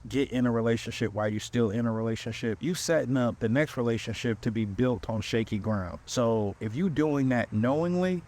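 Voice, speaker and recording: A man hosting a podcast, telling a comic dating story in animated, slangy speech. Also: mid-range voice, brisk, hardly any pauses. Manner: animated, slangy, quotes people with voices. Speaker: podcast host. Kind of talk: comedic storytelling.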